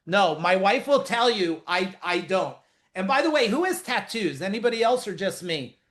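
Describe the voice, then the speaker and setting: Man, middle-aged, high-pitched, blunt, profane, joking, casual webinar coach, video call. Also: very animated, moderate pace, a bit bright. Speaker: business coach hosting a webinar. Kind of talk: casual live webinar talk.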